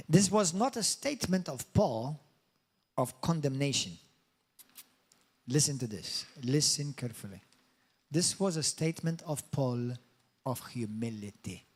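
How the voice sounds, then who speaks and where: Animated high-voiced male preacher. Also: a little slow, pauses often. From Malta. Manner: animated, swings into high mock voices and asks the congregation questions. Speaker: pastor. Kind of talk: sermon. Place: church hall.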